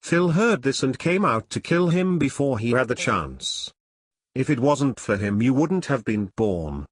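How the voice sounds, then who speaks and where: Guy doing the cat lady mom, pleading and confessing, lively voice, dry. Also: medium pitch, measured pace, dry recording. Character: middle-aged cat lady, a gangster's mother.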